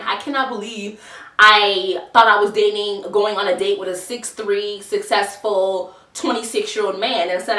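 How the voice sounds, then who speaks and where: A woman vlogger tells a dating story in a loose, profane, animated way, laughing often. Her voice is bright and sharp. It sounds roomy and set a little back from the microphone. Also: medium pitch, recorded from a distance. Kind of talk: casual storytime. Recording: roomy echo, voice a bit off-mic.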